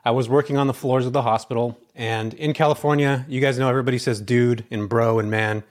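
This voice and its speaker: A man's voice: mid-range voice, steady tone, fast. A man as a podcast guest, telling his story casually and animatedly, acting out bits of dialogue between lots of filler words.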